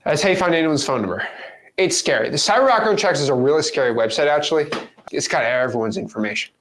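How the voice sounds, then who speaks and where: A man coaching viewers on real estate wholesaling in an energetic, playful, casual teaching monologue. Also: fairly high pitch, quick pace, a little hiss or hum.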